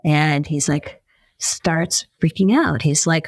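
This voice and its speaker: A woman journalist, a podcast guest, telling a story in a lively way and acting out the quotes. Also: low-pitched, takes it slowly, dry recording. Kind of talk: conversational storytelling.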